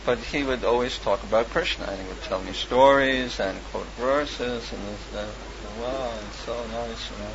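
A man's voice: mid-range voice, moderate pace, hardly any pauses, background noise. A man telling a personal story in a casual, rambling way, full of fillers and restarts and with frequent chuckles. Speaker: storyteller recalling his past. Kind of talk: casual spoken memoir. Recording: lo-fi with clear background ambience.

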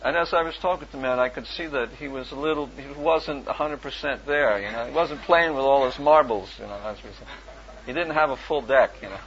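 A man's voice: medium pitch, brisk, a crowd in the background. A man casually recounting an anecdote as a volunteer, rambling with many fillers and chuckles. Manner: rambling, full of "you know", chuckling. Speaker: volunteer book distributor telling an anecdote. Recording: dull lo-fi recording with faint hiss.

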